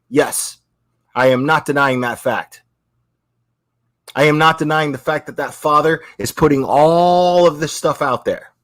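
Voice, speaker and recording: Brief: angry male streamer, higher voice, heavy cursing, repetitive jabs, dry close mic. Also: fairly bright tone, no echo. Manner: profane, repetitive, confrontational. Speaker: YouTube creator. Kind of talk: angry livestream rant.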